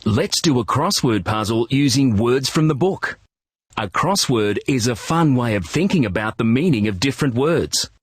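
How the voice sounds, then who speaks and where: A man narrating a children's reading program, giving clear, encouraging instructions and praise. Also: mid-range voice, animated, moderate pace, no room sound, clean studio sound.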